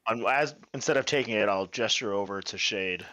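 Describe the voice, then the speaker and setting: Low-voiced, hesitant tabletop player. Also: male voice, a little fast, bright, forceful tone, no echo. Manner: hesitant, restarts often. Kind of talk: tabletop role-play.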